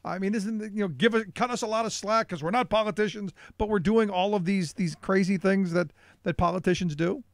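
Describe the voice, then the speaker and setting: A man's voice: sits high, a little fast, dry recording, clean studio sound. A man hosting a radio talk show, chatting about politics in a questioning, conversational way with hesitant fillers.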